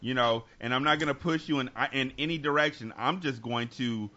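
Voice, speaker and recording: A man's voice: mid-range voice, fairly quick, sharp tone, highs cut off. A man co-hosting a podcast, talking candidly and reflectively, often restarting his sentences. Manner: earnest, reflective, with many restarts. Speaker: podcast co-host. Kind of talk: candid conversational talk.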